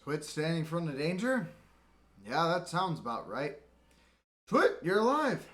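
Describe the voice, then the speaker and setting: A man's voice: fairly high pitch, animated, moderate pace, a bit bright, voice pushed up. A man voicing an arrogant human lieutenant who talks down to others in a curt, condescending way.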